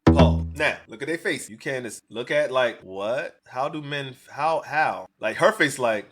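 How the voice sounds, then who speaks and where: A man giving emphatic reaction commentary on clips, preaching his point with loud bursts and low asides. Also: animated, a little slow.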